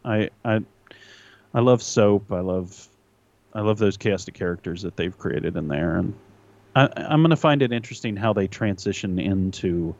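A man with a fairly low voice co-hosts a casual podcast, earnest and prone to stumbling restarts when he presses a point. The audio sounds a bit muffled and lo-fi. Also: expressive, moderate pace, darkish tone. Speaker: podcast co-host. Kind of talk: casual chat.

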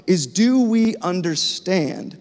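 A man's voice: high-pitched, lively intonation, takes it slowly, darkish tone. A man in his thirties preaching a sermon to his congregation in a conversational, storytelling way. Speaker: pastor. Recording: long reverb of a large hall.

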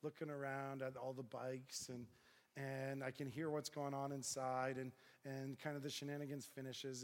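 A man's voice: medium pitch, long reverb tail. A middle-aged man preaching to a crowd, telling a story with lots of voiced dialogue, as a pastor. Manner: animated storyteller acting out dialogue. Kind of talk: storytelling sermon.

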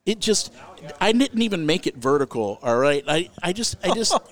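Brief: older man, comic storyteller, animated, loud bursts at the punchlines. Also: high voice, normal speed. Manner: animated, frequent restarts, rises loud at the punchlines.

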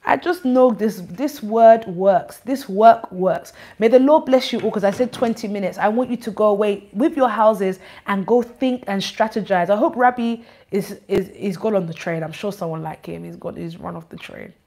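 A woman giving an informal church address, animated, teasing and scolding. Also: medium pitch, moderate pace, hardly any pauses. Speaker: church leader.

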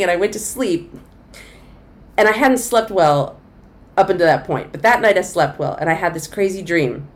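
In a conversational interview, the middle-aged woman comedian narrates a lengthy story in a mid-range voice at an ordinary pace. She's animated and takes on the voices of the people she quotes.

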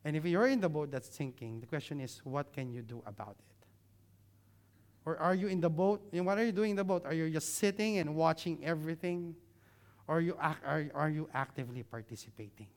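A man preaching a sermon, engaging the listeners with many questions and growing more animated as he explains. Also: a little high, fairly quick. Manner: grows louder and more animated when explaining.

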